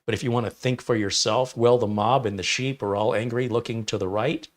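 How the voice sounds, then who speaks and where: A man hosting a casual tech livestream, rambling and opinionated as he reads chat comments aloud and reacts to them. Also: on the low side. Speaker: livestream host reviewing mini PCs.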